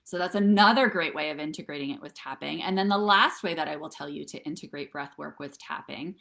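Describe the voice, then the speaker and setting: A middle-aged wellness coach leads viewers through breathwork and tapping on a live stream, chatting away and often checking in with "okay?" and "right?". Her voice is low, brisk and creaky, with a fairly bright tone.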